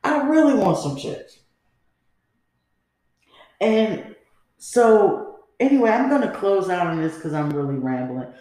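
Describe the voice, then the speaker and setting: A woman's voice: medium pitch, animated, takes it slowly, pauses often, dark tone. Podcast host, woman, candid and rambling, mid-range voice, heavy room echo. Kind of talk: personal storytelling monologue. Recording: very echoey room.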